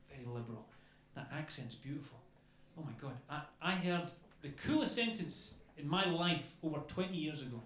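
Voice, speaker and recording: A young man doing stand-up comedy, telling stories in a chatty, animated way and swearing freely. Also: medium pitch, slight background noise. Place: comedy club stage before a crowd. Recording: echoey club with crowd laughter.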